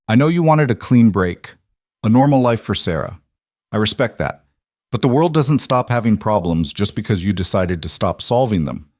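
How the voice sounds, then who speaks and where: A crisp, controlled female colonel who talks in orders, as a male narrator puts her on. The delivery stays cool and clipped, in a fairly low, plain voice. The recording is dry and close. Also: a little mellow, no echo, close to an everyday voice.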